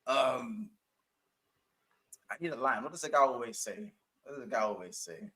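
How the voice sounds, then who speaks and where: A young man in casual football chat, excitable and slangy, given to animated rants. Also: mid-range voice, normal speed.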